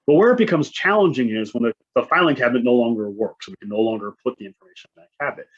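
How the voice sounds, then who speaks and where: A man gives a conference talk in a relaxed, conversational way, checking in with the audience through constant "right?" tags. His voice is husky. The recording sounds muffled and lo-fi. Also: mid-range voice, rapid-fire. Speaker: conference presenter. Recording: dull lo-fi sound.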